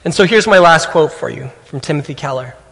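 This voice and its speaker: A man preaching a sermon as a pastor, telling a personal story earnestly with halting restarts. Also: on the high side, lively intonation, vocal fry, fairly bright tone, big-room sound.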